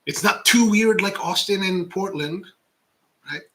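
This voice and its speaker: Chatty bright-voiced man. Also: high-pitched, unhurried, poor audio. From Baltimore, USA. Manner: rambling and chatty, drops to whispers for jokes. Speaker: coffee livestream host reading chat. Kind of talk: casual chat.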